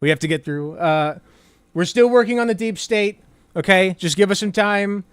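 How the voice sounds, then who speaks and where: A man's voice: high-pitched, normal speed, clear, resonant tone, no room sound. A man putting on a mocking impression of a blustering older male politician who is dismissive and repeats himself. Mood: placating. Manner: exaggerated, shouty, repeats himself. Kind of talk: mocking impression in a commentary video.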